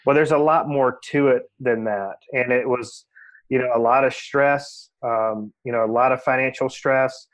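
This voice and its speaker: A real estate agent appears as a podcast guest, candidly and reflectively telling his own story in casual interview fashion and leaning on "you know" fillers. His medium-pitched voice is steady in tone at normal speed.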